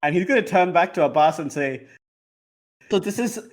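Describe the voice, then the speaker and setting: A man running a tabletop game as game master, chatty and quick to laugh. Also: fairly high pitch, lively intonation.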